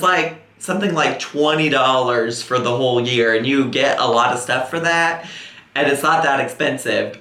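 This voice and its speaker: Man, sarcastic commentary, bright tone, roomy sound. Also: medium pitch. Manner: sarcastic, teasing. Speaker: commentary YouTuber. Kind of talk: reaction commentary.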